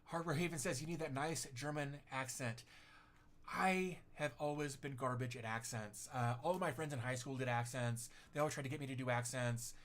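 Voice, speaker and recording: A middle-aged man chatting casually on a tech livestream, reading out viewer comments. He rambles in a self-deprecating way, often restarting his sentences and filling the gaps with "um" and "uh." His voice sits at an ordinary, middle pitch for a man. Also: brisk, a bit bright. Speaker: tech YouTuber hosting a livestream.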